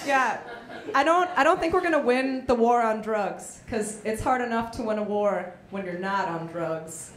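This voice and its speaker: A young woman in her twenties performing a stand-up comedy set, telling stories with quick voiced asides. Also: fairly high pitch. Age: young adult. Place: small college comedy venue. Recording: echoey room with faint noise.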